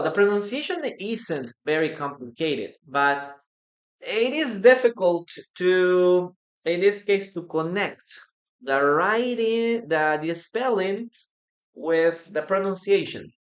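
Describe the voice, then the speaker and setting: Slow-spoken teacher. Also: mid-range voice. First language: Spanish. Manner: repeats words slowly for pronunciation, reads out chat. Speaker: English teacher. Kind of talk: live-streamed English lesson. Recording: roomy echo.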